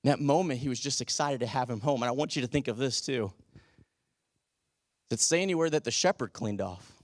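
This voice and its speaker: A man's voice: mid-range voice, fairly quick, dry recording, clean studio sound. A man preaching a sermon as a teaching pastor, talking conversationally and asking the congregation rhetorical questions.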